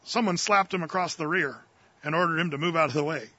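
A man's voice: fairly high pitch, quick pace, sharp tone, slightly rough, no room sound, muffled recording. A man preaching a verse-by-verse sermon in a folksy, earnest way, with casual fillers and slang. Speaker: pastor.

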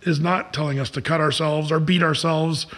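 A man's voice: on the high side, fairly even intonation, moderate pace, a bit bright. A man preaching in a loose, conversational sermon, telling the story dramatically with many fillers and restarts.

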